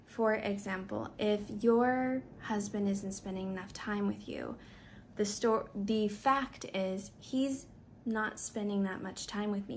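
A woman's voice: medium pitch, vocal fry, a little hiss or hum. A woman talking candidly as a wellness coach, giving advice in a casual monologue and acting out the voices of others. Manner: candid, animated, acts out quoted apologies.

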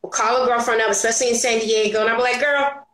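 A high-pitched woman speaking as an interview guest, lively and expressive, often slipping into playful voices for the people she quotes. Her voice carries a roomy echo. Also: very fast. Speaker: entrepreneur guest. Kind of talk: animated storytelling interview.

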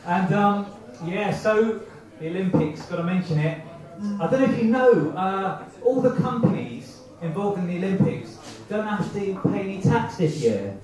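A man's voice: high-pitched, expressive, normal speed, darkish tone, far from the mic. A man doing a rambling, self-mocking stand-up set at an open mic night, acting out the voices in his head. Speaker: stand-up comedian. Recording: echoey, muffled amateur club recording from afar.

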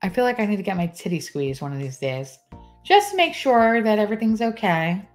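A woman's voice: mid-range voice, big pitch swings, a little fast, soft background music. A woman, chatting casually and profanely on a live stream, often laughing as she talks.

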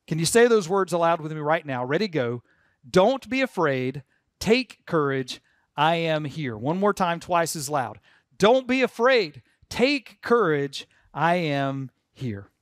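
Pastor guy preaching, kinda high voice, earnest, gets the crowd to repeat after him. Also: no echo, studio quality. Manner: earnest, leads congregation in call-and-response. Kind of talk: sermon.

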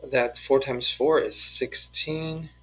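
A male math teacher works through problems aloud, step by step, cracking small jokes as he goes. His voice is bright and forward with a slightly husky edge. He sounds easygoing and playful. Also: medium pitch, fairly even intonation, slow pace, poor audio. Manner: playful, jokey, talks through each step. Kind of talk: screen-recorded math lesson, working problems aloud.

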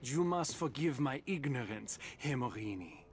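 An actor playing a sneering German villain. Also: male voice, mid-range voice, animated, normal speed, a crowd in the background, close to an everyday voice. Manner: sneering, condescending. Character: smug German racing villain, arrogant man. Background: game music.

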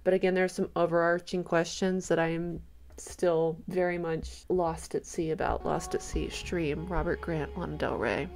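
A woman giving excited reaction commentary on a trailer, gushing and speculating aloud, breaking into gasps and squeals. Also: lowish voice, normal speed, soft background music.

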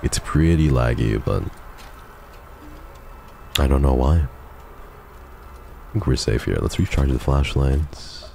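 A man's voice: extremely low pitch, takes it slowly, gravelly, long pauses, dark tone, slight background noise. A man streaming a game live, chatting casually with his viewers, swearing and joking.

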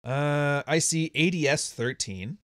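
A man's voice: a little high, takes it slowly, no room sound. A man hosting a casual monologue from his home studio, blunt and profane, often laughing. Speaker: podcast host.

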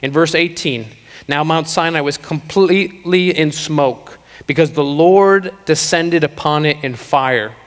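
A man preaching a sermon to a congregation, slowing down to stress key lines. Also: fairly high pitch. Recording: long reverb of a hall.

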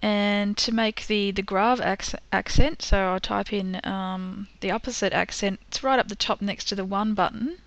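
A woman teaching a screen-recorded software tutorial, patient and step by step, with frequent ums. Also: medium pitch, fairly even intonation, normal speed, hardly any pauses, no room sound, muffled recording.

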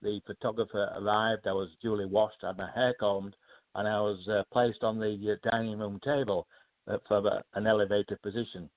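An older man with a British accent, a guest author telling his life story in a modest, measured way with hesitant fillers. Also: lowish voice, flat delivery. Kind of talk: storytelling in a casual interview. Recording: tinny phone-like line.

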